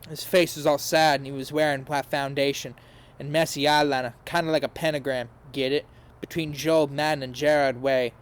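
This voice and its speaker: A man's voice: fairly high pitch, level tone, moderate pace. A man hosting a podcast, giving a comedic dramatic reading with a mock-earnest tone and sarcastic asides. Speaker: podcast host reading aloud.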